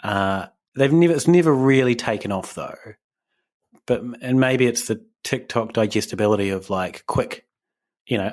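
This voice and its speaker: A man's voice: medium pitch, normal speed, darkish tone. A young man, co-hosting a podcast, rambling and self-deprecating in casual chat. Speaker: podcast co-host.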